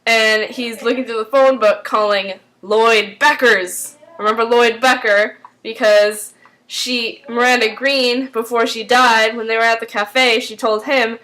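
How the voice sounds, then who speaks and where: A woman's voice: on the high side, fairly even intonation, measured pace, sharp tone. A woman casually recapping a TV episode, rambling with lots of fillers. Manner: rambling, full of "like" and "um". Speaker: TV recap vlogger.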